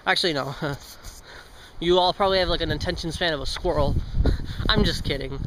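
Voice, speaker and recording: A man's voice: on the high side, fairly quick, pauses often, noisy background. A teenage boy vlogging outdoors on a street as he walks, rambling, tripping over his words, joking and swearing casually. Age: teens. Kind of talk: casual vlog. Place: outdoors on a street with passing cars.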